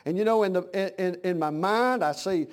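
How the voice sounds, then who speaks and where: A male preacher with a high voice delivers a sermon in a fervent, folksy way. His plain talk builds into loud, impassioned cries, then drops back to a conversational tone. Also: brisk, clear, resonant tone.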